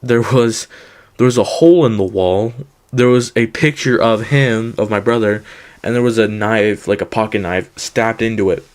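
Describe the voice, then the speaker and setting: A man's voice: lowish voice, normal speed. A young man casually telling a rambling personal story, full of fillers and "he goes" quotes.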